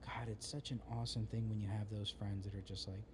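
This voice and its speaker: A man who is a guest on a podcast, talking in a relaxed, rambling way with slang. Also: lowish voice, fast talker, a crowd in the background. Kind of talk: casual podcast conversation.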